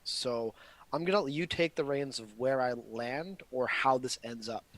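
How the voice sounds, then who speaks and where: A man's voice: mid-range voice, a little slow, fairly bright tone. A man playing a tabletop game, politely checking his moves with the table. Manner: polite, asks the table for leeway. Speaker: player. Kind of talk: casual tabletop game chat.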